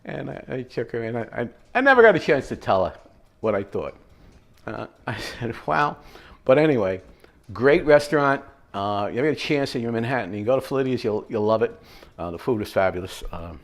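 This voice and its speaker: A man hosting a home cooking show, chatting in a rambling, relaxed way as he tells stories while he cooks. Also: medium pitch, fairly quick, creaky. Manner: relaxed, mellow. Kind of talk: casual cooking demonstration with anecdotes.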